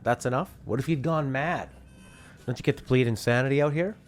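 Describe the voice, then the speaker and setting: A man's voice: mid-range voice, brisk, faint music behind. A man streaming a game, chatting casually and musing aloud about what he sees. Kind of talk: casual gameplay commentary.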